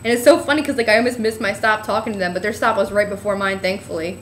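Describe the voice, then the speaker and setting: A woman's voice: medium pitch, fairly even intonation, quick pace, a little hiss or hum. A woman from New Jersey telling a trip story in a chatty, casual way, full of "like" and acted-out quotes, and sounding tired. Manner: chatty, lots of "like" and "I was like", acting out quotes. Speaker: vlogger.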